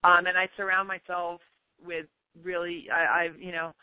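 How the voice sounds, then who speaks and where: A woman's voice: lowish voice, little pitch movement, moderate pace, no echo. Woman, 50s, podcast guest, emphatic and self-assured, thin phone-line sound. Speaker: guest author. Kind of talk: podcast interview. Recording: tinny phone line, dry.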